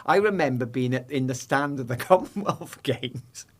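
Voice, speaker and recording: A middle-aged man, a former sprinter, talks as a podcast guest in a lively, jokey way, acting out the voices he quotes. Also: medium pitch, normal speed. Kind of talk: animated storytelling in conversation.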